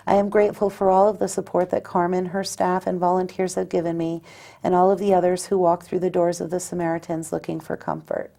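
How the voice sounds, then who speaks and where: A woman with a low, gravelly voice speaks in a steady, even testimonial, with a dark tone and little rise and fall. Her delivery is measured and earnest throughout. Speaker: suicide loss survivor sharing her story. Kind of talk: personal testimonial.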